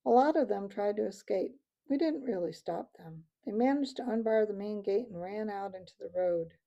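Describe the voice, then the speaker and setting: Big blunt badger, gruff and tired, voiced by a woman narrator. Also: medium pitch, expressive, moderate pace, mellow, highs cut off. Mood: weary.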